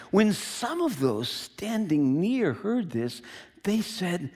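A male pastor preaching a sermon in a dramatic, emphatic way that swings between loud and quiet. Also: sits high, sing-song, slow pace.

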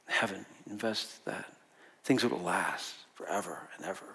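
A man's voice: low-pitched, moderate pace, vocal fry, pushed and bright, husky. A man preaching a sermon to a room of people in a conversational way, asking the audience questions and laughing often. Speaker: pastor.

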